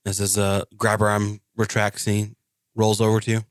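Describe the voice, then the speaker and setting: A man's voice: fairly low pitch, completely flat delivery, normal speed, dry recording, clean studio sound. A man playing a tabletop game, loosely describing his droid character's actions. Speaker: player.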